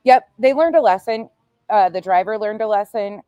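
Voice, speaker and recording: A woman's voice: mid-range voice, moderate pace, clean tone, no echo, studio quality. A woman in her forties, a true crime streamer, telling stories in casual, blunt and profane livestream chat. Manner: blunt and profane, animated storytelling.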